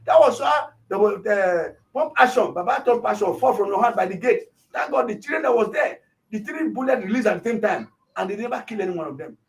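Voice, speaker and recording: A man, a pastor, retelling a shooting and acting out the shouts of the people around him. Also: high-pitched, a little fast, far from the mic. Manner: animated, acts out shouts of others. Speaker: pastor, interview guest.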